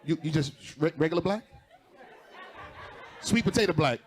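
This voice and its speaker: A man's voice: on the high side, expressive, moderate pace. A man doing stand-up crowd work before a live audience, teasing people and laughing at his own jokes. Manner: teasing, laughing, talking straight to audience members. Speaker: stand-up comedian.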